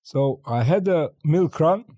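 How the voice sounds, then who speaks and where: An older man from China, a guest in an interview, telling stories in a lively way and acting out the dialogue. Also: on the high side, a little slow, dry recording, clean studio sound. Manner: animated storyteller acting out dialogue, laughing often. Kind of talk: interview storytelling.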